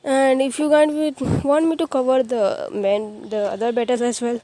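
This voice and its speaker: A woman's voice: a little high, little pitch movement, normal speed, warm tone, no room sound. Rambling woman retelling a fan story. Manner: rambling, filler-heavy, frequent restarts.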